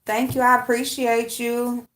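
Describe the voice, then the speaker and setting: This livestream host is a woman with a slightly high voice and a level tone, speaking a touch slowly. She chats casually with her audience and welcomes viewers by name, in an echoey space with noise in the background.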